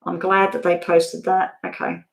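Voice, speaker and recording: A woman's voice: on the low side, flat delivery, unhurried, creaky. A woman doing a live-stream tarot reading, chatting casually with viewers and laughing often. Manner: casual, swears now and then. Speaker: tarot reader. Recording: roomy echo.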